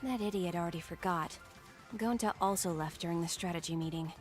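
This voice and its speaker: An actress voicing a calm, reasoning young woman detective in a game, over faint music. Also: fairly low pitch, lightly acted. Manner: measured and reasoning.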